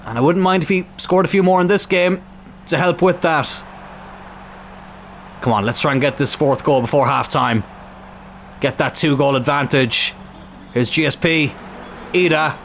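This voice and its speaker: High-voiced gamer shouting at goals. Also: male voice, moderate pace, pauses often, a little hiss or hum. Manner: swings from calm play-by-play to shouting and swearing at goals. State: sore throat. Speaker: gaming YouTuber. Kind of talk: excitable football game commentary.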